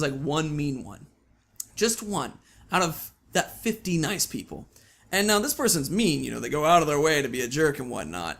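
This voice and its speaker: A man talking casually to his channel in a chatty vlog, with the odd swear and animated asides. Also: on the high side. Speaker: YouTube vlogger.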